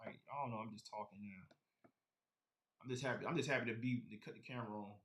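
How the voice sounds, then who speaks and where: A man's voice: mid-range voice, fairly even intonation, fast, fairly bright tone. A man chatting casually on a live stream about his sneaker collection, rambling and talking straight to his viewers.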